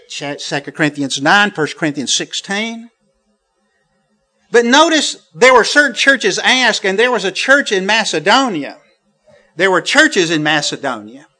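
A middle-aged man preaching a sermon, emphatic, reading scripture aloud with force and dropping to quiet asides. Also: high-pitched. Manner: emphatic, swings between loud quoting and quiet asides.

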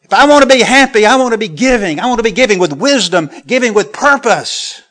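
A middle-aged man preaching a sermon, emphatic, reading scripture aloud with force and dropping to quiet asides. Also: high-pitched, lively intonation, a little fast. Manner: emphatic, swings between loud quoting and quiet asides.

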